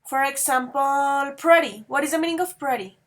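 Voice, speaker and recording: Woman teacher, high voice, asks the class questions and spells things out slow. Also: a bit bright. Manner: patient, asks students questions, spells endings slowly. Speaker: English teacher. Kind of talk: classroom grammar lesson.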